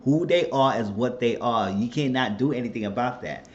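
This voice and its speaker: A man hosting his own channel, casually recapping a TV episode with animated retelling and asides. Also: mid-range voice, moderate pace, highs cut off, slight background noise. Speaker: YouTube show recap host.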